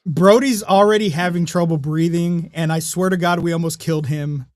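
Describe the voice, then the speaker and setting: A fairly high-voiced young man on a podcast, chatting casually and swearing freely as he tells lively, animated stories. His voice sounds dry and close, with no room around it. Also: normal speed, dry recording. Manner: profane, animated storytelling. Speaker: podcast co-host.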